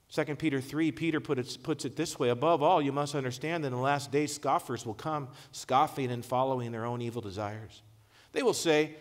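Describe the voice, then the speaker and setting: A man's voice: a little high, long reverb tail. A man preaching a sermon as pastor, talking in a conversational, emphatic way with casual asides to the congregation. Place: large church hall.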